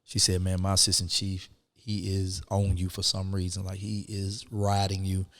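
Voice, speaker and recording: Low-voiced man telling his story. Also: normal speed, in a large hall. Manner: animated, acts out quoted people. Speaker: interview guest. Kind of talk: storytelling in a casual interview.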